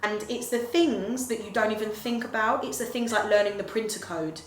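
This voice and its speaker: A woman's voice: on the high side, steady tone, moderate pace. A woman teacher giving frank, reflective advice in a casual talk. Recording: roomy room, faint noise.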